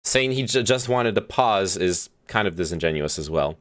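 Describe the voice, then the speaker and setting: A man hosting a stream, giving casual commentary on a played speech in a halting way, with many fillers and restarts as he thinks aloud. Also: low voice, animated, fairly bright tone. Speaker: streamer host.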